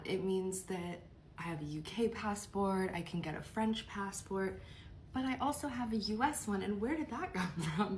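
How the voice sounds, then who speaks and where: Young woman, chatty storytime gossip, mid pitch, bit of faint hiss behind. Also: darkish tone. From United Kingdom. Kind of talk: casual storytime.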